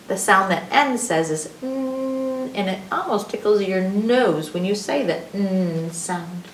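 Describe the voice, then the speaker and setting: A female librarian reads alphabet rhymes to young children, slow and sing-song, sounding out every letter. Her voice is mid-range, picked up from a distance in an echoey room with a bit of hiss or hum.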